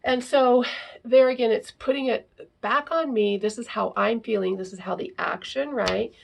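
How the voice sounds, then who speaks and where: A woman's voice: a little high, moderate pace, creaky, slight background noise. A woman teaching parents in a casual talk, often ending sentences with the question "right?". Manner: acts out example phrases to children.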